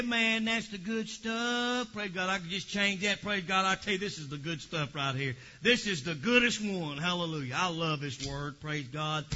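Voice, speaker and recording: A man preaching a fervent Pentecostal sermon, swinging from quiet asides to shouted praise. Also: high voice, lo-fi sound.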